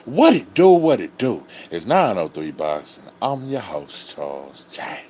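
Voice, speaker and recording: A man's voice: on the low side, big pitch swings, measured pace, a little mellow. A man, hosting a live-stream commentary with profane, emphatic ranting. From Dallas area, Texas. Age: 30s. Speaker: host.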